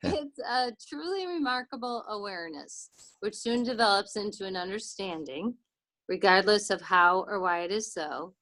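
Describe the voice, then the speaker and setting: A woman's voice: medium pitch, animated, normal speed, fairly bright tone. Woman reading course text aloud. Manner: attentive, brief acknowledgements. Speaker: course participant.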